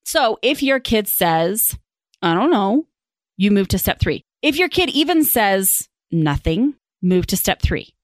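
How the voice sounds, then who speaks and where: A woman's voice: medium pitch, measured pace, no echo. A woman in her thirties hosting a parenting podcast, talking casually and acting out different tones of voice with emphatic repetition. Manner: animated, acts out example tones, emphatic repetition. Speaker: podcast host and parenting educator. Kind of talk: casual teaching talk.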